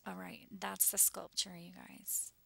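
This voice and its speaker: A woman's voice: mid-range voice, creaky, pushed and bright. A woman vlogging anxiously over a map, shaken and close to tears, often dropping into whispers. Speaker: YouTuber sharing visions.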